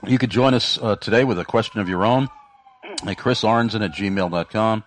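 A man's voice: on the low side, normal speed. A man hosting a Christian talk radio show, talking with many fillers and restarts. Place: radio studio. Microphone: studio microphone.

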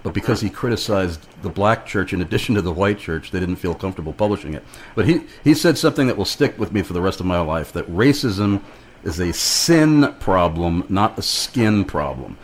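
A man hosting a Christian talk radio interview, speaking in a measured, preaching-style way. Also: deep voice, expressive, breathy edge. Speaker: radio show host.

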